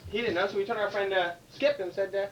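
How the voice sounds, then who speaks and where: A woman's voice: medium pitch, steady tone, fast, muffled recording. A woman telling stand-up jokes at a live bar comedy night, rambling with lots of filler words and chuckles. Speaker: stand-up comic. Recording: distant mic with audience noise.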